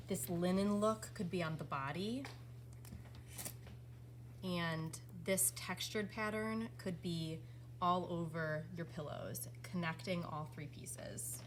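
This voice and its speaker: A woman giving an enthusiastic, relaxed walkthrough of furniture fabric pairings. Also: fairly low pitch, a little hiss or hum. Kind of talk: product walkthrough.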